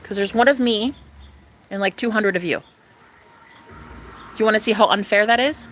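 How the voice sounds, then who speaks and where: A woman talking candidly and profanely to her viewers in a casual vlog, dropping into whispers and rising into loud bursts. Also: medium pitch, unhurried, a little hiss or hum. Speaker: vlogger.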